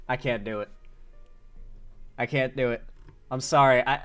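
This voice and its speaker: A man runs a live political commentary stream, reading out chat with animated jokes and casual swearing. His voice is mid-range and his pace brisk.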